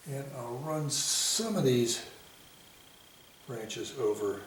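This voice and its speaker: Slow-talking man painting and thinking aloud. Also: mid-range voice, animated. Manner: unhurried, thinking aloud, self-commenting. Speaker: painting instructor. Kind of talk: painting demonstration. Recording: echoey room, mic at a distance, faint hiss.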